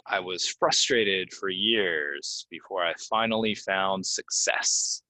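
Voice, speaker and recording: A man teaching English pronunciation, reading example sentences and then repeating key words slowly with clear stress. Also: sits low, pushed and bright, dry recording. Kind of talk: pronunciation lesson. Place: Orlando, Florida.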